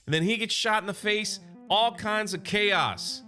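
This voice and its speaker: Excited high-voiced man recapping comics. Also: measured pace, faint music behind. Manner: excited, chatty storyteller paraphrasing characters. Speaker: comic book recap YouTuber. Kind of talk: casual comic recap commentary.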